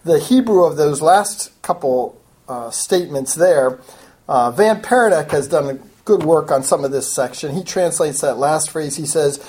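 A woman's voice: low-pitched, expressive, measured pace, a little mellow. A woman giving an earnest, explanatory Bible study lecture, walking through a passage verse by verse and building to emphatic urging. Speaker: Bible teacher.

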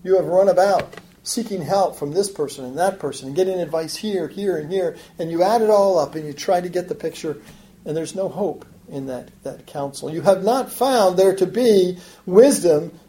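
Woman preacher, mellow dark tone, animated sarcastic emphasis in the sermon. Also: on the low side, moderate pace, a little hiss or hum. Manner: voices God's taunts with rising sarcastic emphasis.

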